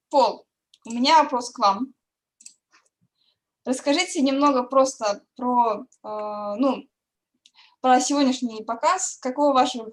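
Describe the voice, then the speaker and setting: A woman hosting a Q&A on a video call, friendly, a little hesitant as she repeats her words. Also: a little high. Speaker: moderator.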